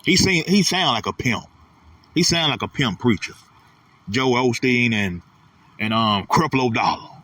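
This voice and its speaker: A man's voice: medium pitch, expressive, unhurried, bright, forceful tone, recorded from a distance. A man delivering a blunt, profane, repetitive casual ranting monologue as host of his own channel.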